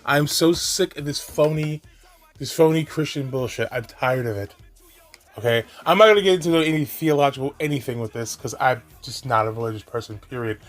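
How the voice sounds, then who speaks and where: A man's voice: mid-range voice, a little fast, faint music behind. A man hosting a reaction commentary, ranting in a profane, exasperated, mocking way. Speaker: commentary host.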